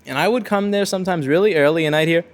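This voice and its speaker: A man's voice: a little high, fast talker. A man hosting his own video, telling a rambling, blunt story with frequent restarts. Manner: rambling, self-correcting, blunt. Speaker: repair-shop video host. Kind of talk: casual storytelling monologue.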